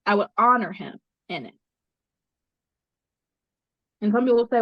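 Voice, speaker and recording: A woman's voice: medium pitch, animated, a little slow, no echo. A woman guest in an interview, earnestly recounting a spiritual experience and repeating phrases for emphasis. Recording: dry, slightly muffled sound.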